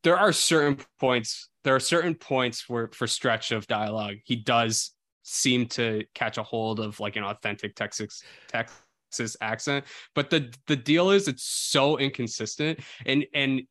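A man's voice: medium pitch, measured pace, a bit bright, no room sound. A man from New Jersey co-hosting a casual film podcast, often stopping to restart his sentences. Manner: hesitant, often restarts and repeats words. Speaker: podcast co-host.

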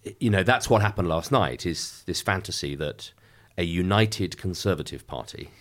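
A middle-aged man, a member of Parliament, giving a measured, emphatic political interview with frequent restarts. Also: low voice, expressive.

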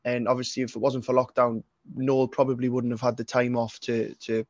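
A man's voice: mid-range voice, flat delivery, a little fast, darkish tone, no room sound. Sweary young Geordie man, dull dry sound. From North East England. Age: 20s. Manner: sweary, rambling, frequent restarts. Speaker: singer-songwriter guest. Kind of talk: casual interview chat.

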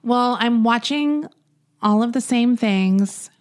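A woman's voice: on the high side, slow pace, a little mellow. A woman co-hosting a podcast, chatting casually and rambling a little as she recommends a show, laughing easily. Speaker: podcast co-host. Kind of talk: casual chat.

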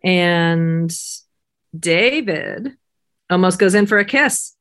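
Woman with a low voice talking over a tv episode, laid back, lots of "like". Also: expressive, slow pace, a bit bright. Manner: easygoing, many fillers like "you know" and "like". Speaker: podcast co-host. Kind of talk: casual chat reviewing a TV episode.

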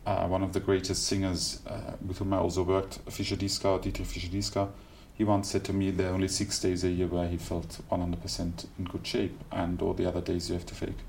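Guest: German-accented man, very low gravelly voice, measured and reflective, light background hiss. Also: monotone, darkish tone. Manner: thoughtful, searching for words with small restarts. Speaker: classical singer, guest. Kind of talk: reflective interview conversation. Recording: faint background noise.

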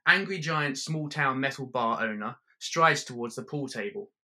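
Brief: male storyteller, deadpan and wry, bright, forceful tone. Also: mid-range voice, normal speed. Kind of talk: second-person comic storytelling.

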